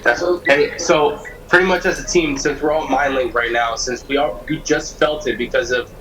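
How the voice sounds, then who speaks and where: A man's voice: medium pitch, steady tone, moderate pace, rough recording. Man, tabletop player, hesitant, fillers, background music. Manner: hesitant, filler-heavy planning. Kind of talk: casual tabletop play. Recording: music playing behind.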